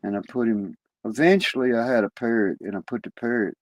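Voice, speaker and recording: A man's voice: medium pitch, fast talker, rough recording. A man telling crude jokes in a casual, rambling, profane way. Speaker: joke teller.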